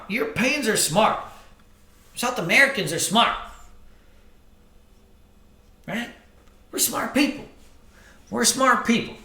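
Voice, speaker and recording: Animated, high-voiced man teaching traders. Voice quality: animated, profane, joking storyteller. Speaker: trading instructor. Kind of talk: live seminar talk to an audience. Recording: roomy hall echo.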